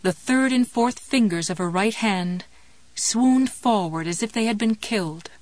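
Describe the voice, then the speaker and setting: A woman reading a grim novel aloud in a measured, steady storytelling manner. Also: mid-range voice, no room sound. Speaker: audiobook narrator. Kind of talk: scripted narration of a horror novel.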